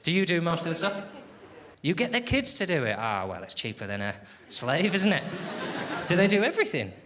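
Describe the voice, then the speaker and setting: A man's voice: fairly high pitch, huge pitch swings, fairly quick. An English man performing a stand-up comedy set on stage, ranting in an exasperated, sardonic way and bantering with the crowd. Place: live comedy venue, audience laughing. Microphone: stage microphone. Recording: live show with loud crowd noise.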